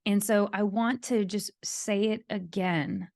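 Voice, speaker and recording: A woman hosts a solo podcast and coaches leaders in an earnest, emphatic way, repeating her main points. Her voice sits at an ordinary middle pitch. The sound is close and dry, with no room echo. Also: takes it slowly, darkish tone.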